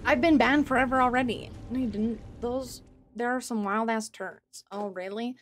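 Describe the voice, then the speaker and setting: A woman's voice: fairly high pitch, normal speed, a little hiss or hum. A woman streamer chatting casually while gaming, swearing freely, exasperated and laughing often as she answers her chat.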